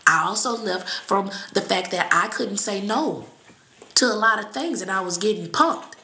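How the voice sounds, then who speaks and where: A woman reading and chatting on a live stream, blunt and profane, with sudden shouts and laughs. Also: mid-range voice, moderate pace, roomy sound. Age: adult with children. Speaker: psychic reader on a live stream. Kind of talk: casual live-stream talk.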